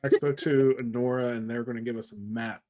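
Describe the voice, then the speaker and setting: A man's voice: mid-range voice, steady tone, fairly quick, warm tone, lo-fi sound. A man playing a tabletop game, chatting with friends in an easygoing, joking way. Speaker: player. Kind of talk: casual chat with friends.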